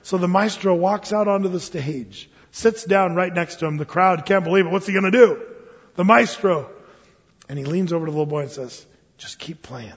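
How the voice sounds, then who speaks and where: A man preaching a sermon as pastor, telling stories in an animated way and acting out the voices of the people in them. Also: high-pitched, fairly quick, breathy edge. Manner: animated storytelling, acts out voices. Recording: muffled sound with long hall reverb.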